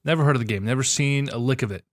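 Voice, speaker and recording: A young man with an average-pitched voice co-hosts a casual podcast chat. He is sarcastic and quick to swear, and he bursts into animated complaints. The recording is dry and close, with no room sound. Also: no room sound. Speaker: podcast co-host.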